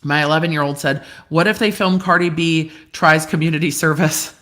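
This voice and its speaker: A middle-aged woman lawyer hosting a casual live Q&A, reading viewer comments aloud in a chatty way with quick asides and easy laughs, speaking from a rented room. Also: deep voice, steady tone, fairly bright tone. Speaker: lawyer and livestream host. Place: rented room indoors, glass cabinets behind her.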